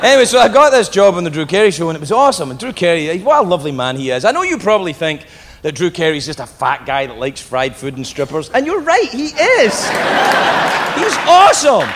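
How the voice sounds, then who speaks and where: British guy doing stand-up, gravelly and lively, crowd roaring and noisy room. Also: a little high, quick pace. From Britain. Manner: brash, profane, self-mocking. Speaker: stand-up comedian. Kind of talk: stand-up routine. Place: comedy club stage. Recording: loud laughing club crowd.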